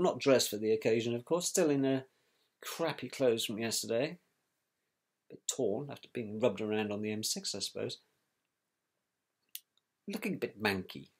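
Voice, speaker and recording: Man, mid-pitched, lively swooping delivery, blunt colloquial storyteller. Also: breathy edge. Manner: animated, scornful, colloquial. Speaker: victim's brother recounting events. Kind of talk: personal storytelling.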